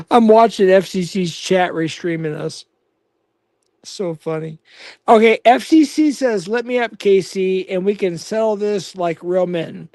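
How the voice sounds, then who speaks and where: A man's voice: sits high, slow, pauses often, darkish tone, dry recording. A man hosting a casual livestream, reading chat comments aloud with profane, mocking banter. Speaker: livestream host.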